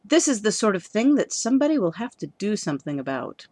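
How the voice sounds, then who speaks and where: A woman's voice: mid-range voice, very animated, quick pace, darkish tone, no echo, studio quality. A woman voicing a pompous, evasive husband crow in a storybook reading, huffy and self-important. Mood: concerned.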